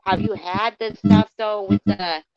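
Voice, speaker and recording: A man's voice: high voice, fairly even intonation, a little slow, gravelly. A man hosting a livestream, chatting casually and eagerly about food and cooking. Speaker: livestream host. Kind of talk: casual chat. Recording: muffled stream audio with faint music.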